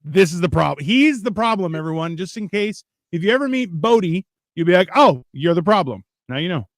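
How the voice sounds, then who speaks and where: A man's voice: high voice, expressive, fairly quick, no room sound, studio quality. A man hosting a live stream, bantering casually and mocking others with frequent swearing. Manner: joking, mocking, swears a lot.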